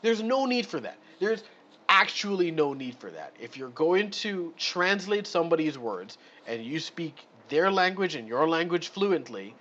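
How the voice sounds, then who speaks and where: A man's voice: fairly high pitch, big pitch swings, measured pace, a bit bright, dull audio. A man doing a live read-through of an adventure module, breaking off into exasperated, sweary ranting commentary. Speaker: streamer reading a module.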